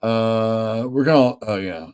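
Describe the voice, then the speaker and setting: A man's voice: lowish voice, darkish tone, clear, resonant tone. A man who owns a comic store, chatting loosely on a live stream, rambling and swearing casually. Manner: chatty and rambling, swears freely, quick laughs. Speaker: comic store owner and show host.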